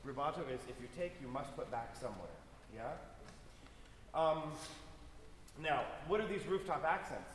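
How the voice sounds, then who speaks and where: This conductor's voice is a bit high and animated, at normal speed with frequent pauses, over a slight hiss or hum. Rehearsing an orchestra in a big concert hall, heard echoey and far away, he coaches players, vocalizes phrases in syllables, and asks "yeah?" to confirm they're with him.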